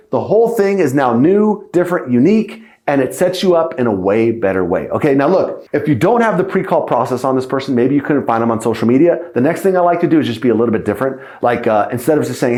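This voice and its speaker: A man teaching sales calls in a podcast lesson. He coaches in a lively way, checks in often with "right?" and "okay?", and acts out sample lines. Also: mid-range voice, quick pace, few pauses, roomy sound. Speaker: sales trainer.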